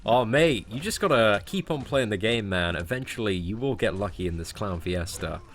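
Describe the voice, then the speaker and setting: A man hosts a casual game stream and hands out advice with lively, animated energy. He keeps slipping "mate" into his sentences as he talks the game through. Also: lowish voice, normal speed, slight background noise. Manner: animated, says mate a lot. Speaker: streamer and channel host. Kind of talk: casual gaming advice chat.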